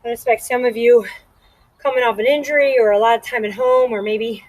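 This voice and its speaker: A woman's voice: a little high, fairly even intonation, brisk, dry recording, rough recording. A woman fitness instructor leading a guided workout, out of breath, counting reps aloud and encouraging.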